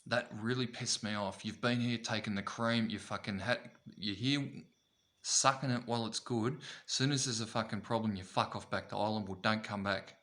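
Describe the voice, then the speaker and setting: A man's voice: on the low side, normal speed, a bit bright. An Australian man ranting to camera in a vlog, blunt and heavy with swearing and repetition. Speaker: vlogger.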